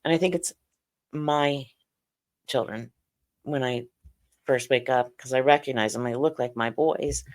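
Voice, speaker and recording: A middle-aged woman telling her personal story as an interview guest, halting and earnest, with many "you know"s. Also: extremely low pitch, darkish tone. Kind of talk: personal account in a podcast interview.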